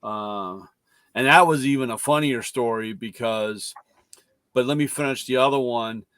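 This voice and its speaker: A man's voice: medium pitch, unhurried, clear, resonant tone, no room sound. A middle-aged man hosting a casual car-talk chat, telling rambling stories and acting out what others said. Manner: rambling storyteller, acts out quotes loudly. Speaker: podcast host.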